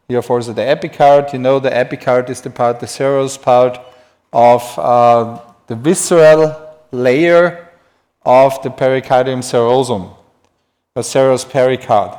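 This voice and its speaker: A man's voice: medium pitch, fairly even intonation, unhurried, a little mellow. A man who speaks natively gives a live-streamed anatomy lecture in English, chatty and self-deprecating, writing on a board as he talks.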